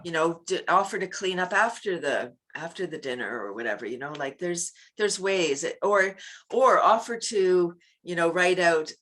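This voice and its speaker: A woman who teaches laughter yoga, chatting on a video call, laughing often and leading loud ho-ho-ha-ha chants. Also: fairly low pitch, lively intonation, moderate pace. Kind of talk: casual interview chat.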